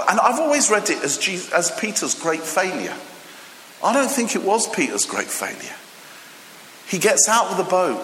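A man's voice: sits high, fairly bright tone, reverberant, in a large hall, a little hiss or hum. A man preaching a sermon, telling the story with humor and acting out voices, often stopping and restarting his words. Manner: halting restarts.

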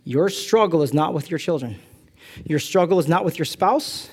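A middle-aged man from California preaching a sermon, with animated, self-deprecating stories and asides. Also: on the high side, normal speed, breathy edge. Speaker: pastor.

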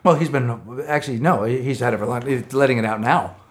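A man's voice: medium pitch, quick pace. A middle-aged man co-hosting a casual comedy chat, swearing and joking with big laughs. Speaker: podcast co-host.

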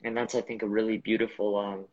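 A man with a low, husky voice hosts a podcast and thinks out loud, halting and reflective. His recording sounds dull and lo-fi. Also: little pitch movement. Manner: reflective, halting, with fillers and restarts. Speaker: podcast host. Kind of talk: casual podcast conversation.

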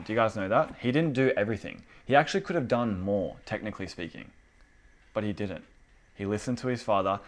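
Brief: man preaching to a small group, casual and animated, slightly low voice. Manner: animated, conversational, acts out inner voices. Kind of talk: casual informal sermon. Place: indoor gathering with a small group.

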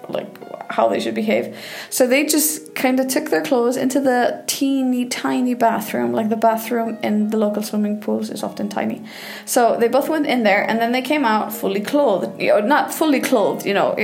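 A woman's voice: fairly high pitch, gravelly, darkish tone. A woman from Iceland, a sexologist chatting casually with laughs and fillers, recorded on a phone headset in her bathtub. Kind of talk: casual storytelling monologue.

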